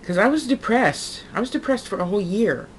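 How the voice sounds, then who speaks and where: A woman's voice: medium pitch, expressive, brisk, slight background noise. A woman talking to her camera in a casual, heartfelt vlog monologue, rambling and repeating herself as she goes. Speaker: vlogger.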